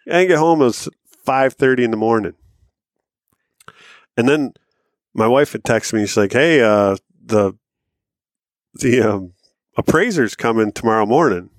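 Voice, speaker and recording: A man's voice: mid-range voice, no room sound, studio quality. A man co-hosting a podcast, telling a rambling story in casual chat, acting out what people said and swearing casually. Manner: rambling anecdotes, acts out quoted lines, swears casually. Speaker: podcast co-host.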